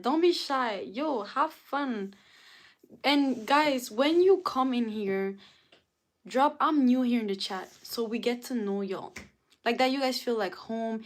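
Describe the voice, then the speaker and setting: A young woman live-streaming, chatting casually with her viewers and greeting them by name in a drawn-out way. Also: fairly high pitch. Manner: drawn-out, greets and reads out chat names.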